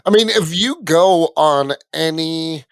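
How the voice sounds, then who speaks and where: A young man, a comedian, chatting loudly and boisterously on a podcast. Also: on the high side, slow pace, smooth, no echo. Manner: loud, boisterous. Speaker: comedian guest. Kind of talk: casual chat.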